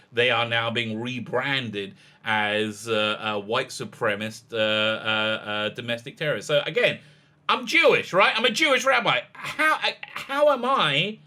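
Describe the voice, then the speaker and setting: Rabbi commentator, male, very bright edgy tone, stop-start delivery that climbs into pointed challenges. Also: mid-range voice. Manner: halting, many restarts, emphatic rising challenges. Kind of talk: argumentative political commentary.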